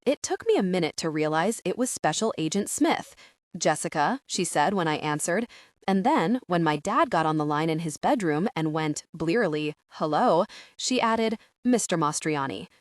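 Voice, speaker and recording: Wry, expressive woman narrating an audiobook. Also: lowish voice, moderate pace, no echo, studio quality. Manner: wry, conversational storytelling. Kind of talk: first-person audiobook narration.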